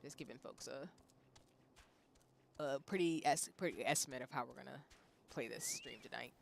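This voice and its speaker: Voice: medium pitch, normal speed, vocal fry, a little hiss or hum. A streamer in their thirties giving casual commentary while playing a game, chatty and talking back to the characters on screen. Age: 30s. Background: faint background music.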